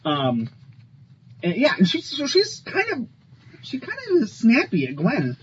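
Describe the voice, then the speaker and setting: A man's voice: extremely high pitch, huge pitch swings, a little slow, fairly bright tone. A man co-hosting a podcast, chatting casually and enthusiastically about comic books and laughing often. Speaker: podcast co-host. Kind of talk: casual comic book chat. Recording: slightly dull, faint ambient noise.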